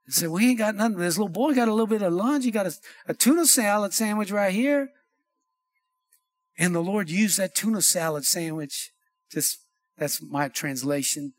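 A man's voice: high-pitched, animated, normal speed. A male pastor preaching a sermon, calling out "amen" and "come on" to the congregation. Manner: preaching with call-and-response, repeated "amen" and "come on". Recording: long hall reverb.

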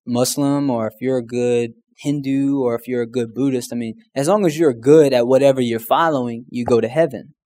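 A man's voice: mid-range voice, fairly even intonation, fairly quick, few pauses, dark tone, close to an everyday voice. A blunt card-table buddy talks casually and a little raised, in a medium male voice, as a man retells him. He says his piece in loose, plain words. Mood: earnest.

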